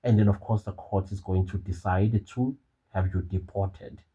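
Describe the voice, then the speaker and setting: Husky South African man, emphatic commentary. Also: low-pitched, steady tone, moderate pace, mellow, dull audio. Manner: emphatic, rhetorical, addresses the listener directly. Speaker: online commentator. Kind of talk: casual commentary monologue.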